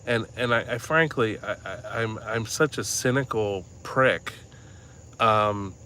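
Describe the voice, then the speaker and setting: A man's voice: on the low side, slow pace. A man vlogging as he walks outdoors, chatting casually in a rambling, cynical way, with lots of swearing and filler words. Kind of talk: casual chat. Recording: loud street noise. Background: traffic and street noise.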